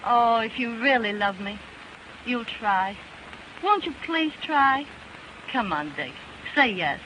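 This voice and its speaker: A woman's voice: fairly high pitch, animated, takes it slowly, sharp tone, exaggerated voice. An actress playing a spoiled, eager young rich woman in a 1930s film, coaxing and playful. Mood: pleading. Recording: noisy old film soundtrack.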